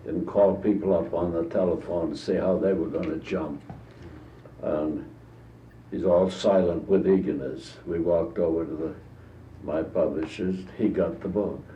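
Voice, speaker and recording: An American man in his eighties, telling long anecdotes in a rambling, halting way during an interview. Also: deep voice, fairly even intonation, slight background noise. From United States. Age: 80s. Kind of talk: recorded archival interview. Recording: dull distant 1950s tape in an echoey room.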